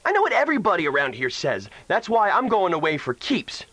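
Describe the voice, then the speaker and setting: An impatient young ranch son in a western storybook, curt and gruff, played by a male narrator. His lines sit higher and louder than the narration, and the recording is close and dry. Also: huge pitch swings, fairly quick, dry recording, heavily acted.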